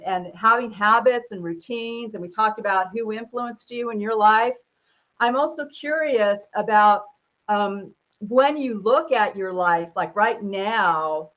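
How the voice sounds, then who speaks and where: A woman hosts an interview with an enthusiastic, affirming and chatty manner. Her recording sounds a little dull and muffled. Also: mid-range voice. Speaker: host. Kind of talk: conversational interview.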